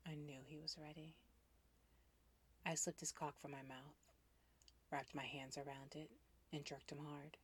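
A woman with a low, husky voice reads a first-person adult story close and intimate. Her delivery is breathy and keeps slipping into whisper, broken by sudden loud cries. The tone stays hushed and private throughout. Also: level tone, unhurried, long pauses. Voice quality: breathy, often sliding into whisper. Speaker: audio story narrator.

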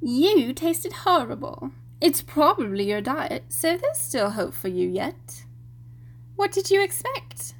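A woman's voice: high-pitched, creaky, heavily acted. A woman playing a teasing young student witch.

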